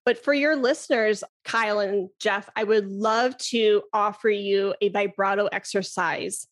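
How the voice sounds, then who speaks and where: A woman flute teacher, a guest in a casual interview, who talks with enthusiasm, laughs easily and demonstrates breathy "ha" sounds. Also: mid-range voice, fairly even intonation, a little slow.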